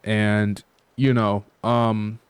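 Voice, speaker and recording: A man's voice: lowish voice, level tone, drawn-out words, clean tone, dry recording. A man hosting his channel, talking in a loose, rambling way full of fillers and casual swearing. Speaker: channel host.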